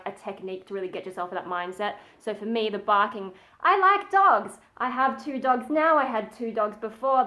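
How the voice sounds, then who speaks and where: A woman's voice: medium pitch, pushed and bright. A woman at home giving a casual metal vocal tutorial, chatty and modest, stopping often to show the sounds she means. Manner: chatty and modest, breaks off to demonstrate sighs and growls.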